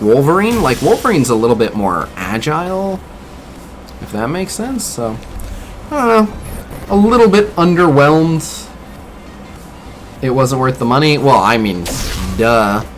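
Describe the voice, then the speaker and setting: A male streamer talks through gameplay in a relaxed, chatty way, picking at details and answering chat. His voice swings up and down with animated inflection, and faint music plays underneath. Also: fairly high pitch. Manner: chatty, mildly critical, reacts to viewer chat. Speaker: gaming streamer. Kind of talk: casual gameplay commentary.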